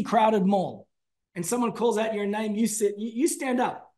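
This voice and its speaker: A man presenting a business masterclass, energetic and emphatic, calling out to his audience. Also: sits high, normal speed. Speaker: business trainer.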